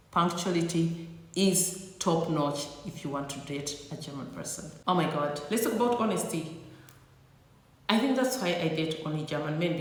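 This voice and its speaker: A woman vlogger giving comedic advice to camera in a sassy, teasing, playfully exaggerated way. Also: deep voice. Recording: echoey room with long reverb.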